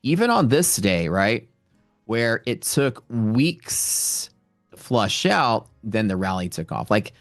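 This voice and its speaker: A man's voice: lowish voice, dry recording, studio quality. A man hosting a livestream from home, rambling in casual chat and answering viewer questions. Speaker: livestream host and futures trader.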